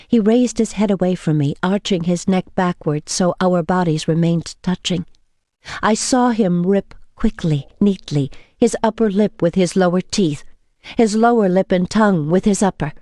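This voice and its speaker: A woman reading a novel in first person as an audiobook narrator, measured and intimate. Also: fairly low pitch, warm tone, dry recording, clean studio sound.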